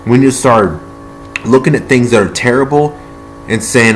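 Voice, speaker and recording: A man's voice: mid-range voice, moderate pace, faint music behind. A man from the United States delivering a heated, rambling political monologue. He repeats himself, restarts sentences, swears now and then, and speaks from among his tools. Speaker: political video blogger.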